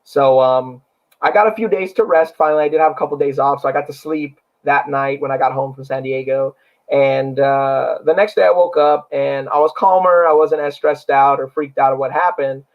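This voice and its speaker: A man's voice: mid-range voice, steady tone, moderate pace. A man, an actor and paranormal investigator, telling a story in a casual interview in an earnest, rambling way with many fillers. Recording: dull lo-fi recording.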